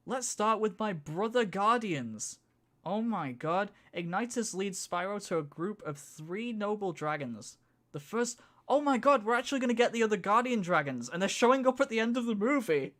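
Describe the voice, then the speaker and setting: Giggly northern English streamer. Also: male voice, high-pitched, animated, fairly quick, fairly bright tone. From northern England. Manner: giggly, reads lines then riffs on them. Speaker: streamer reading a script aloud. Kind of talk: casual stream commentary with dramatic reading.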